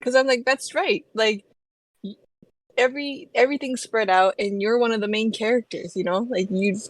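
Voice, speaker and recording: A woman's voice: fairly high pitch, normal speed, dry recording, poor audio. A woman co-hosting a book podcast, talking casually with lots of "like" and "you know" and frequent laughter. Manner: chatty, many "like"s and "you know"s, laughs often. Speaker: podcast co-host.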